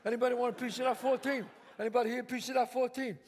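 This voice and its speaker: A man's voice: very high voice, level tone, rapid-fire. A man playing a brash New mob boss. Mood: commanding. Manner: loud, bossy, profane, coaxing. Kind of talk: one-man stage show. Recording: live stage, long reverb, faint ambience.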